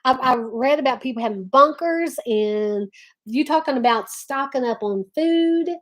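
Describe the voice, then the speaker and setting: A woman's voice: high-pitched, expressive, moderate pace, fairly bright tone. A middle-aged woman hosting a casual livestream, chatting with viewers, greeting them by name and often restarting her sentences. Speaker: livestream host. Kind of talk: casual live-stream chat.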